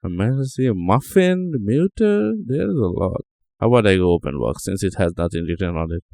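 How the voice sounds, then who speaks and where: Casual tech host, male, lower-pitched but animated, jokey running commentary, dry close sound. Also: brisk, creaky, no echo. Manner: joking, chatty, reacts aloud to the screen. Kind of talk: casual screen-recording commentary.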